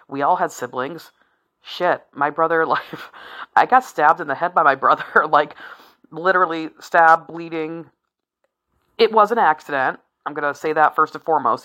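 Low, bright-toned woman in her forties. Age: 40s. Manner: frank and profane, rambling with laughs. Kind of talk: candid solo talk.

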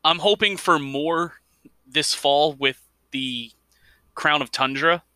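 A man's voice: fairly high pitch, slow pace, sharp tone, no room sound. A man co-hosting a casual gaming podcast, rambling a bit and correcting himself as he goes. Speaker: podcast co-host.

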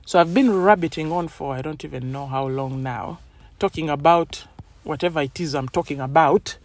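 A woman's voice: deep voice, normal speed, a little mellow. A woman hosting a podcast, talking in a casual, rambling motivational monologue full of "you know"s. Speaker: podcast host.

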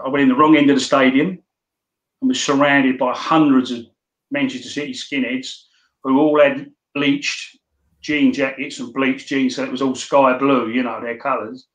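Older London-accented man as interview guest, chatty storyteller, echoey room. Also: medium pitch. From London, England. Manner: rambling, anecdotal, many restarts. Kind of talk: casual storytelling.

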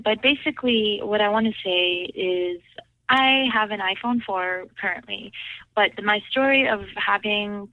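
A woman's voice: mid-range voice, no echo, muffled recording. A woman caller chatting casually, rambling and giggling, with lots of fillers. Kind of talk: casual chat.

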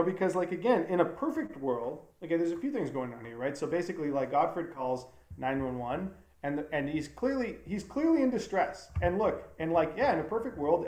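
A man with a slightly higher voice talks at length in a casual interview, rambling earnestly through many fillers and restarts. He speaks as a documentary filmmaker. The sound is roomy and echoey. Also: a little mellow. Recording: roomy echo.

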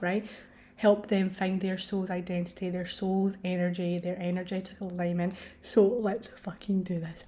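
An effusive woman talks straight to her podcast listeners in a warm, mellow voice. She gushes and swears freely, now and then dropping to a near-whisper or breaking into laughter. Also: mid-range voice. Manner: swears casually. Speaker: podcast host. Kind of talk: emotional solo podcast monologue.

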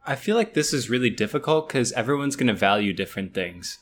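A young man co-hosting a chat podcast, with a middle-pitched voice and an eager, chatty way of talking. He jumps in quickly and pokes fun at himself. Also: expressive. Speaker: podcast co-host.

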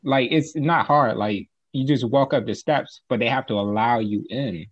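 Measured male co-host, mid-pitched voice, a bit muffled. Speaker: podcast co-host. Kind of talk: casual commentary. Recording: slightly dull, muffled audio.

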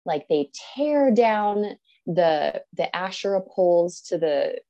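Earnest woman with a mellow low voice. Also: takes it slowly, muffled recording. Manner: earnest, animated, acts out quoted speech. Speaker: podcast guest. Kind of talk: personal storytelling.

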